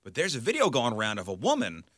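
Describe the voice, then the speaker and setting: A middle-aged man co-hosting a radio show, telling stories in casual, animated banter. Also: medium pitch, fast talker, no echo. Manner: animated storyteller, yells for effect.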